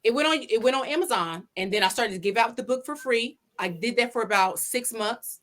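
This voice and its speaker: A woman, a podcast guest, telling her story in a casual interview from her home office over a video call, animated and acting out her own past words. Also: fairly high pitch, a little fast. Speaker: podcast guest, pageant winner and salon owner.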